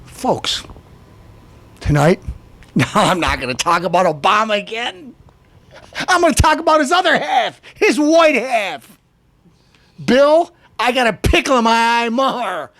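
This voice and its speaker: A man hosting a comedy show, delivering a mocking political rant with taunts and shouted outbursts. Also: high-pitched, creaky, dry recording.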